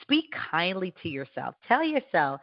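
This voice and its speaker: A woman with a low voice hosts a radio show and gives a warm, encouraging faith talk. She speaks earnestly in a loose, conversational way and often restarts her sentences. The sound is dry and a little dull. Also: very animated, unhurried, no echo.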